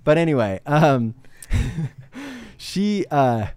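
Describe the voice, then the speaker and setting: A man's voice: fairly high pitch, sing-song, very slow, a little mellow, no echo. Rambling man chatting about films, dry sound. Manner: rambling and enthusiastic, many restarts. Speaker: podcast co-host. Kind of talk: casual film review chat.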